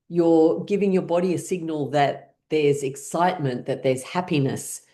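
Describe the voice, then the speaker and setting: A middle-aged woman leading a laughter yoga class, calmly and playfully guiding the group. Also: on the low side, moderate pace, few pauses. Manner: calm, gently guiding, playful. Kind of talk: guided class instruction.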